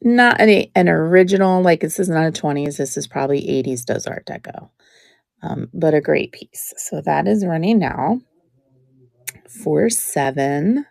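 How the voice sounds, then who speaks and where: Lady running a live brooch sale, slow and gravelly, kinda low voice, dry sound. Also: no room sound. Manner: chatty and relaxed, describing each piece with many fillers. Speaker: live jewelry auction seller. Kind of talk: live sales stream.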